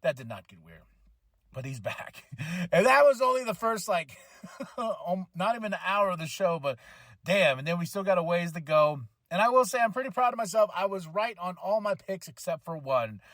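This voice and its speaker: A fired-up man hosts his podcast, with a fairly high voice that jumps into excited shouts. The recording is close and completely dry. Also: moderate pace, dry recording. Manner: enthusiastic, animated, shouts in excitement. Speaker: podcast host. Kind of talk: excited wrestling recap.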